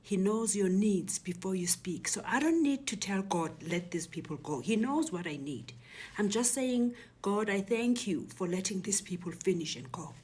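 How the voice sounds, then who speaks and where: A middle-aged South African woman recounting a personal ordeal as an interview guest, speaking softly and often near a whisper. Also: medium pitch, lively intonation, moderate pace, breathy edge. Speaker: guest telling her story. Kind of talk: emotional personal testimony.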